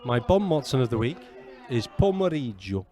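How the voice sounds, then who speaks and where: A man co-hosting a casual football chat outdoors at a ground, playfully teaching Italian words slowly and patiently between remarks on the match. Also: medium pitch, mellow, a faint crowd. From England. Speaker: podcast co-host. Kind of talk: casual match commentary and banter.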